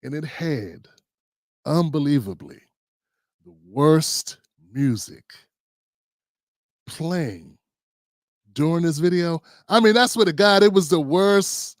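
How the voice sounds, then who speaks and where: A man hosting his own live stream show, telling a story in casual slang with lively voices and sung riffs. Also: a little high, takes it slowly, pauses often, no room sound, studio quality. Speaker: host.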